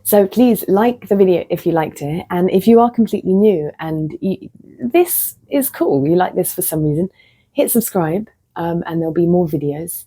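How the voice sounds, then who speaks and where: A woman's voice: lowish voice, expressive, moderate pace, slightly rough. A woman talking to camera in a casual, reflective monologue, telling stories frankly, poking fun at herself and sometimes dropping to a near-whisper. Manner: candid, self-mocking storytelling with soft drops into near-whispers. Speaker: vlogger.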